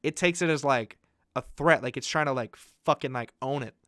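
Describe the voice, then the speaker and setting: Young male podcast co-host with a smooth, resonant voice and a dead-dry close-mic sound, a crude, rambling storyteller. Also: medium pitch, normal speed, fairly bright tone, no room sound. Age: young adult.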